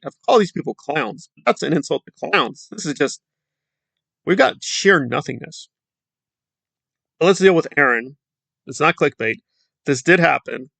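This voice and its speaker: A man's voice: a little high, gravelly, bright, forceful tone, no echo. A man hosting a casual commentary video, rambling and sardonic in a dismissive way. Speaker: commentary channel host.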